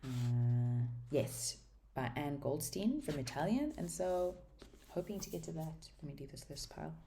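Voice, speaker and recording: Very low-voiced, mellow woman vlogger. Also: lively intonation, measured pace, a little hiss or hum. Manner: chatty and rambling, with many ums and restarts; enthusiastic about books. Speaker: book vlogger. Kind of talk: casual book haul chat.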